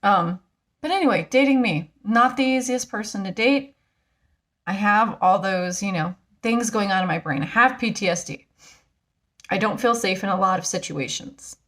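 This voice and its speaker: A woman vlogger talking frankly and casually to camera, rambling and animated as she tells a personal story. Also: medium pitch, normal speed. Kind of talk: casual personal vlog talk.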